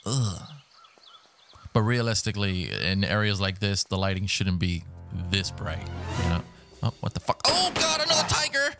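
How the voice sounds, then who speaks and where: A young man giving excitable, swearing commentary while he plays a video game on a headset mic. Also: low-pitched, normal speed, music in the background. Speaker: gaming YouTuber. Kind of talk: live gameplay commentary. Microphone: gaming headset.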